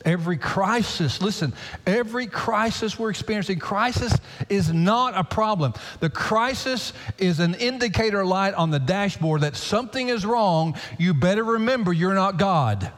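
A man preaching a sermon as pastor, swinging from loud, high pleading to hushed near-whispers. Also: lively intonation, normal speed. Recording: long hall reverb.

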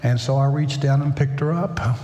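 An older man, a pastor, talking to his congregation in a halting, conversational sermon, full of fillers and restarts, in a large church sanctuary. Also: mid-range voice, warm tone. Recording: roomy church hall echo.

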